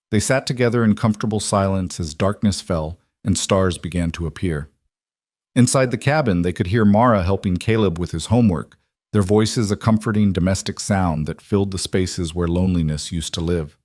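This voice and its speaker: Calm, low-voiced male storyteller. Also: moderate pace, dry recording, studio quality. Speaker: narrator. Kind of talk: scripted western storybook narration.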